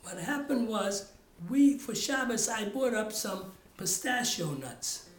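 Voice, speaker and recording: A man's voice: high voice, animated, slow. An older man tells family stories in an oral history interview. He rambles and restarts his sentences often. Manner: rambling storytelling with many restarts. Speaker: father telling family stories. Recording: roomy echo.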